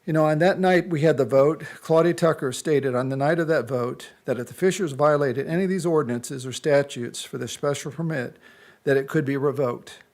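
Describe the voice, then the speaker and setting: A man's voice: a little high, fairly quick, darkish tone. A man giving an indignant, complaining public comment at a county board meeting. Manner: indignant, complaining, reading a prepared statement. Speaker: resident speaking at public comment.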